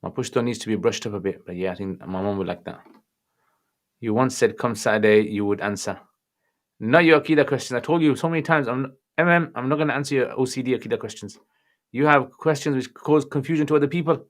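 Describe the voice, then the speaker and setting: A man's voice: mid-range voice, fast. A man with a Birmingham accent hosting a casual livestream Q&A, reading out viewer questions and greeting people by name. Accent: Birmingham English. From England. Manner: chatty, greets viewers warmly by name, mixes in Arabic phrases. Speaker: livestream Q&A host answering religious questions.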